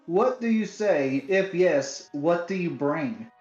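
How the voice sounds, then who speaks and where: A man's voice: a little high, expressive, slow pace, darkish tone, faint music behind. A man chatting on a podcast, playful and laughing often. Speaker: podcast guest. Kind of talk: casual chat. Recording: roomy, dull audio.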